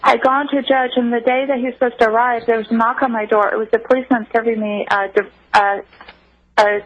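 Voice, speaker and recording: Brief: earnest, emotional woman storyteller, higher voice, muffled lo-fi phone line. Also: level tone, quick pace. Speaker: interview guest. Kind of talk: personal account on a radio call-in show.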